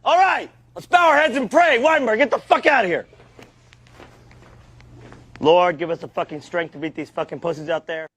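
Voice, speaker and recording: An actor playing a foul-mouthed, raging high school football coach who bellows profane insults at his players in a comedy sketch. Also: normal speed, pauses often, a faint crowd. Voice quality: gravelly, strained high shout.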